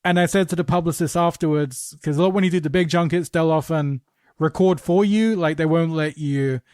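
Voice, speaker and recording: A man hosting a podcast who tells anecdotes in an animated way, with swearing and quick asides. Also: on the high side, clean tone, no room sound, clean studio sound. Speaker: podcast host. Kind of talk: casual podcast chat, storytelling.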